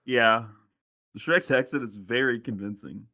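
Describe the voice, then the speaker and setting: A man's voice: medium pitch, measured pace, sharp tone, no room sound, clean studio sound. A man co-hosting a casual podcast chat, rambling with lots of "like" fillers and frequent laughs. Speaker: podcast co-host.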